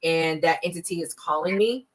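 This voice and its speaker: Low-voiced woman giving emphatic advice. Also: a little hiss or hum, low-quality recording. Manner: emphatic, acts out scam calls in quick bursts. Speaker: fraud prevention guest expert. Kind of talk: conversational podcast advice.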